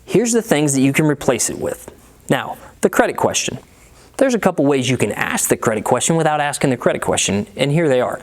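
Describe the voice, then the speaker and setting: A man coaching car salespeople in a blunt, profane, casual way, acting out both sides of sales talk. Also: medium pitch.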